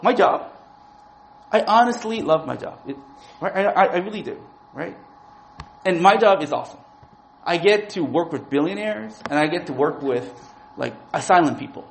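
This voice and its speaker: A man's voice: on the high side, creaky, slight background noise, rough recording. A man in his forties preaching a sermon in a casual, talky way, often asking "right?" to the listeners. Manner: conversational, keeps asking "right?". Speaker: preacher and lawyer.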